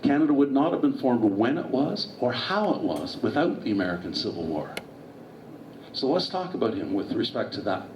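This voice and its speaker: A man's voice: medium pitch, big pitch swings, moderate pace, a little hiss or hum. Man lecturing in a roomy hall. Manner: storytelling, with asides and digressions. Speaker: author and guest speaker. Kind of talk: public history lecture. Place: meeting hall. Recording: distant, roomy, dull hall recording.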